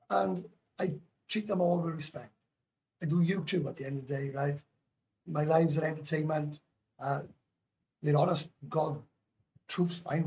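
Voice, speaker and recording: A man on a casual livestream call, chatting in an excitable, rambling way and throwing in swear words and tag questions. His voice sits a little high and has a rough, gravelly edge. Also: slight background noise. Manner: keeps adding tag questions. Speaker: guest YouTuber calling into a livestream.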